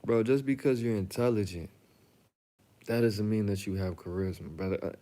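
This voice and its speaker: A young man holds forth in a loose, casual monologue, blunt and full of jokes and slang. His voice sits on the low side, and he tells his stories with a dry, teasing bite. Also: normal speed, dark tone. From Chicago. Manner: blunt, joking, storytelling with slang. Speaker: reaction channel host.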